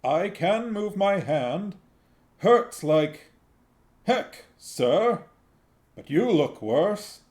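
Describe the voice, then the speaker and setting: A man's voice: high-pitched, big pitch swings, extremely slow, pauses often, darkish tone, pitched above the performer's own voice, exaggerated voice. A man voicing an earnest, wounded young male city watchman, raised and plucky.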